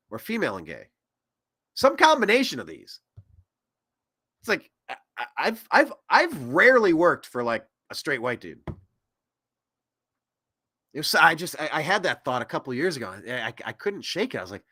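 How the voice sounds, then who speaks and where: A man's voice: fairly high pitch, bright, forceful tone. A man in his thirties hosting a political commentary show, rambling and sarcastic, with mocking asides. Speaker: host.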